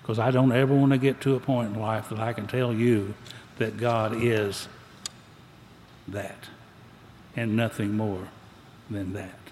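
A man's voice: fairly low pitch, flat delivery, a little slow, long pauses, a little mellow. An older man speaking to a recovery meeting, telling his story in a folksy, plainspoken, drawling way. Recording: echoey hall, faint background noise.

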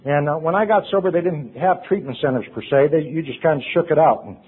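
A man telling his recovery story to a meeting, earnest, his voice dropping hushed at emotional points. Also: a little high, fast talker, slightly rough. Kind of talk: personal recovery talk. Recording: tinny phone-like recording.

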